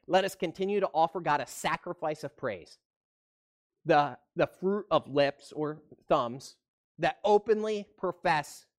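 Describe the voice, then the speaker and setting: Conversational pastor preaching online. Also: male voice, on the high side. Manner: conversational preaching, asks the audience questions. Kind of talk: livestreamed sermon.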